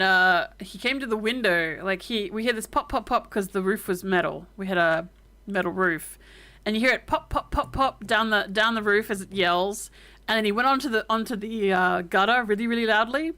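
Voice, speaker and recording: A woman with an Australian accent, streaming casual reaction commentary with exclamations, free swearing and quick stories. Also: mid-range voice, sharp tone. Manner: exclamatory, swears freely, storytelling.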